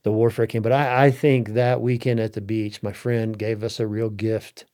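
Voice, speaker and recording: A man's voice: lowish voice, little pitch movement, moderate pace, mellow. A middle-aged man telling a personal story as an interview guest, earnest and heartfelt, often restarting his sentences.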